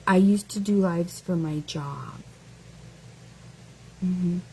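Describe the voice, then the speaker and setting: A woman's voice: lowish voice, takes it slowly, darkish tone, slightly rough, rough recording. A woman hosting a casual live stream who mocks her target with taunting rhetorical questions, stretching out words as she goes.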